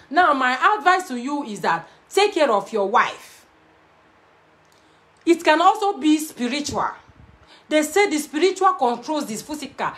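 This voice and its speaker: Young nigerian woman preaching marriage advice, high voice, swoops up and down a lot. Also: a bit bright. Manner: emphatic, preachy, repeats key lines. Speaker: relationship adviser. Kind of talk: advice talk to viewers.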